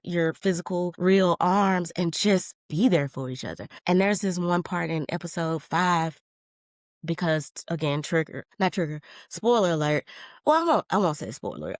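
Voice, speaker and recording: A woman hosting a solo podcast, rambling in a casual, animated way and speaking. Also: fairly low pitch, no room sound, clean studio sound. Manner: chatty and rambling, animated, with laughs and slang. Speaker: podcast host.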